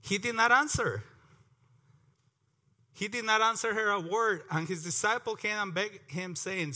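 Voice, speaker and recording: A man leading a prayer and then teaching a Bible passage, earnest and repeating words as he goes, clearing his throat often. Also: high-pitched, unhurried, bright, forceful tone. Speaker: preacher.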